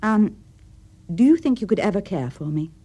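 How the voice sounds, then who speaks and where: Nervous young Englishman who stammers, husky dark voice, read by a woman narrator. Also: mid-range voice, sing-song, normal speed. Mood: nervous earnest.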